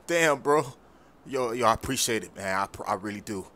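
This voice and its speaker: A man narrating and voicing the lead in a game story video, excitable and slangy. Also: medium pitch, unhurried. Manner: excitable, slangy, often yelling for help.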